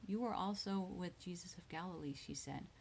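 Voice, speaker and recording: A woman reading Bible verses aloud slowly and retelling each one in simple words for English learners, at times dropping to a whisper. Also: fairly low pitch, creaky, darkish tone, a little hiss or hum, low-quality recording. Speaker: English teacher.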